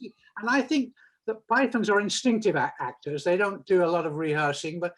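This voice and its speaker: An older man who talks in a noticeably high voice for a man. He interviews in a casual, wry and chatty way, often halting and restarting as he goes. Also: fairly bright tone, rough recording. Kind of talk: casual conversation.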